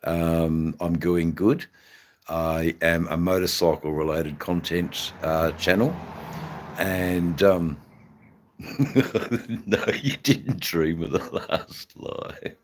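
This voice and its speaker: A Western Australian man hosting a casual motorcycle live stream, rambling and halting with many fillers. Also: deep voice, steady tone, slight background noise. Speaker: motorcycle channel host. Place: indoors in front of a flag backdrop. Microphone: phone.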